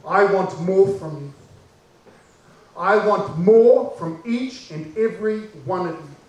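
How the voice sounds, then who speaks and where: A gracious young schoolteacher with a New Zealand accent, as a man telling the story plays her. She speaks in a high, polite, measured way. The voice rings in an echoey space heard from some distance. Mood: stern. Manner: polite, measured teacher's address. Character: kind young woman schoolteacher, gentle and firm.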